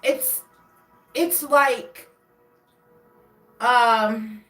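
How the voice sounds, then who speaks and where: A woman's voice: fairly high pitch, drawn-out words, fairly bright tone, soft background music. A woman giving a casual tarot reading, rambling and restarting as she searches for words. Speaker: tarot reader. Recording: echoey room, voice a bit far from mic.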